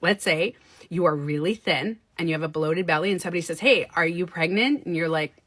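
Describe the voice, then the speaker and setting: A woman's voice: sits low, steady tone, fast, no echo. A woman co-hosting a podcast, talking emphatically and profanely in casual chat. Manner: emphatic, profane, acts out quoted people. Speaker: podcast co-host.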